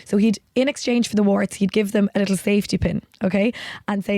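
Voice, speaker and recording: A woman's voice: mid-range voice, fairly even intonation, fast talker, few pauses, warm tone, no room sound. Playful Irish woman telling folk cures. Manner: playful storyteller, laughs often. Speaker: podcast co-host. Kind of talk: casual chat.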